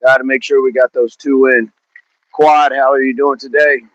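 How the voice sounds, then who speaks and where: A man's voice: mid-range voice, flat delivery, moderate pace, fairly bright tone, muffled recording. A man coaching a fitness live stream outdoors in a park, chatting casually, upbeat, greeting viewers by name and repeating words. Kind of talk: casual live-stream chat while warming up.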